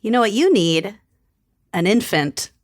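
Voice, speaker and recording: A woman's voice: medium pitch, very animated, measured pace. Wry, teasing woman podcast co-host. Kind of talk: casual chat.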